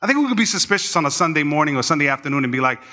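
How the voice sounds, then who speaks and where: A man preaching in a church, chatty and animated, slipping into voices for the people in his stories. His voice sits a bit high and sounds bright and sharp. A long reverb from the hall trails behind every phrase. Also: very fast. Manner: animated storyteller, acts out quoted voices. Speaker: pastor. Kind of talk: conversational sermon with storytelling.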